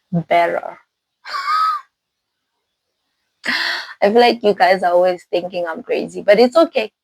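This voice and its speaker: A woman hosting a casual spoiler recap of a film, talking in an animated, rambling way, with laughs and restarts. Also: on the low side, vocal fry, dry recording, low-quality recording. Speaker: movie reviewer host.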